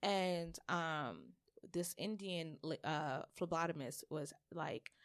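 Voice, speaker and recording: A woman's voice: deep voice, animated, takes it slowly. A woman co-hosting a podcast, telling brash, swearing stories and acting out what people said to her. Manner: brash, swearing, storytelling with acted-out quotes. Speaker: podcast co-host. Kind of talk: casual chat.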